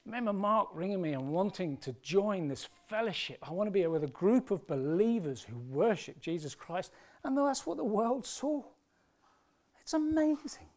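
A man preaching a sermon with passion, moving between hushed, emotional storytelling and loud, rising appeals. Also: on the high side. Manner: impassioned, swinging from hushed to loud.

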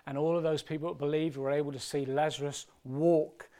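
A man preaching a sermon with passion, moving between hushed, emotional storytelling and loud, rising appeals. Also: fairly high pitch, fairly even intonation, fairly quick. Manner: impassioned, swinging from hushed to loud.

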